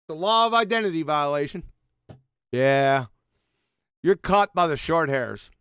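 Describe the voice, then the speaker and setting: A man's voice: on the high side, animated, measured pace, fairly bright tone, smooth, no room sound, studio quality. A man giving a mocking, profane presentation over slides, sarcastically addressing an absent author as he goes. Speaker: video presenter.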